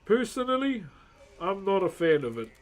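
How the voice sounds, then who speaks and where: A man's voice: high-pitched, sing-song, normal speed. A man, chatting casually on a live stream and thanking viewers as he works. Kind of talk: casual live-stream chat while working.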